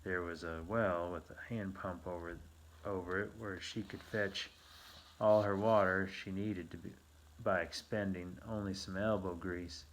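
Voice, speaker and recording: A man with a very low, deep voice narrating an adventure novel in the first person. His delivery is measured and steady, like a seasoned audiobook reader.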